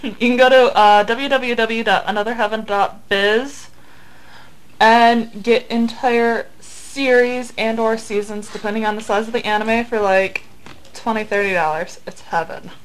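A woman's voice: a little high, steady tone, measured pace, smooth, rough recording. A woman in casual group chat on a podcast, blunt and dryly unimpressed. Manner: blunt, dry, easily unimpressed. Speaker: podcast co-host.

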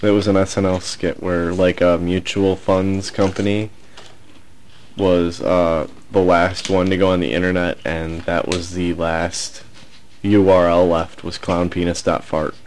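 A man in casual podcast chat, cracking crude deadpan jokes. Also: low-pitched, unhurried, a little hiss or hum. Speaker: podcast co-host.

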